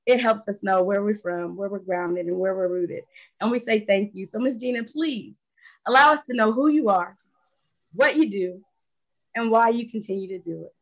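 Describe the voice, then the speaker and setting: A woman's voice: medium pitch, moderate pace, low-quality recording. A woman hosting a show, giving a heartfelt, building introduction of her guest. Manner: emotional, building, preacherly cadence. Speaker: host.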